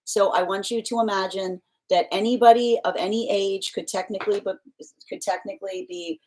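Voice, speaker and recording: Woman, tarot reader, casual live-stream chat, giggly, rambling, middle pitch. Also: brisk, a little mellow. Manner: chatty and giggly, many fillers and restarts.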